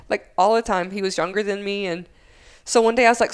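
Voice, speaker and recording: A woman in her thirties from the United States tells stories in relaxed podcast chat, swearing freely and acting out every side of an argument. Her pitch sits in the middle for a woman. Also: quick pace, clear, resonant tone. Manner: animated storyteller who swears freely and acts out both sides of arguments. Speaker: podcast guest, former Air Force instructor. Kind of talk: casual chat, storytelling.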